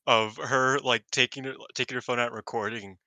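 A man co-hosting a wrestling podcast in casual chat, animated and laughing often, swearing and acting out quotes. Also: mid-range voice, brisk, no echo. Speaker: podcast co-host.

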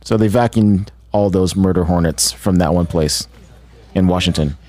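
A man's voice: deep voice, warm tone. A man on a podcast in casual chat, walking the others through news items. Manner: explanatory, quick.

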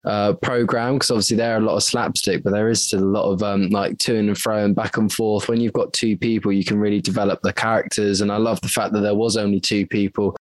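A man's voice: fairly low pitch, flat delivery, quick pace, few pauses, dry recording. A man who works as a voice actor, speaking hesitantly in a casual interview. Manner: hesitant, full of ums and restarts.

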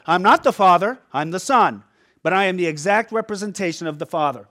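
A man's voice: high voice, fairly quick, a bit bright. A man preaching a sermon as pastor, conversational and emphatic, often checking in with the listeners.

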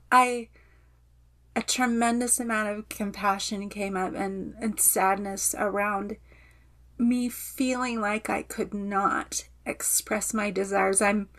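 A woman podcast host slowly putting her feelings into words, pausing and restarting as she reflects. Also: medium pitch, fairly bright tone. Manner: slow, searching, halting speech. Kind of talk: emotional self-reflection.

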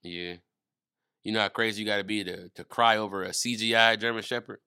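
A man doing comedic casual chat, riffing profanely and jumping into quick acted-out voices. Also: on the low side, steady tone, pushed and bright, clean tone. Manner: profane, riffing, acts out bits with quick voice jumps.

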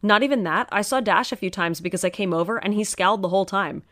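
A woman's voice: mid-range voice, fast talker, fairly bright tone, no echo, clean studio sound. A woman narrating a first-person story in an earnest, emotional storytelling manner.

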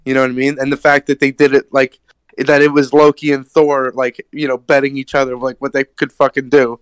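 A man's voice: medium pitch, flat delivery, a little fast, clear, resonant tone, no echo. A man co-hosting a casual chat, talking enthusiastically and swearing, often asking "you know what I mean". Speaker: podcast co-host.

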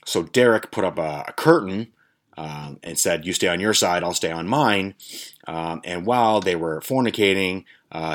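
Low-voiced, foul-mouthed storytelling man. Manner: profane, rambling, lots of restarts. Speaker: podcast host. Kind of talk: casual storytelling.

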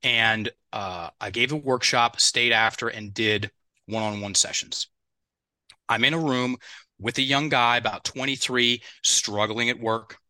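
A middle-aged man talks as an expert podcast guest and tells stories with plenty of energy. He often acts out other people's words. His voice is very bright and tense, recorded close and dry on a headset mic with no room sound. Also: medium pitch, measured pace, no echo. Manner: animated, acts out other people's words, addresses listeners directly. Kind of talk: conversational podcast interview with storytelling.

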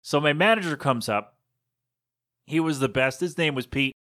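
A man's voice: fairly high pitch, normal speed, fairly bright tone. A man hosting his own podcast, telling a story in a casual, rambling, digressive monologue. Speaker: podcast host.

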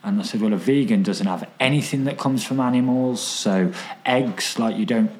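Rambling, swearing bloke. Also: male voice, medium pitch, moderate pace. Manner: chatty storyteller, swears freely, repeats himself. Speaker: podcast guest. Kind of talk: casual chat.

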